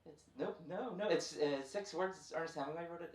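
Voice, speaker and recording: Northern irish comic, bit high voice, playful self-mocking riffs, roomy club, mic a bit far, lots of noise behind. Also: male voice, fairly quick. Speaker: stand-up comedian. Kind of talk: stand-up comedy set. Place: comedy club stage. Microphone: handheld mic. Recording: echoey club, from afar, with crowd noise.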